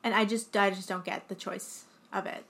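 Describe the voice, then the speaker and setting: A woman's voice: mid-range voice, fairly even intonation, normal speed, a bit bright. A young woman co-hosting a podcast, recapping a film in casual, sarcastic chat full of "like". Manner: chatty, sarcastic, full of 'like' and acted-out quotes. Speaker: podcast co-host.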